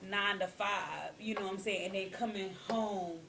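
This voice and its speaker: A young woman speaks in a relaxed interview, running on candidly about her days as a hairstylist. Her voice sits at an ordinary middle pitch. A faint hum of room ambience runs underneath. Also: moderate pace, vocal fry. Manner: candid, talks in long runs with frequent "you know what I'm saying". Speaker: hairstylist and guest. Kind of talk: casual interview chat.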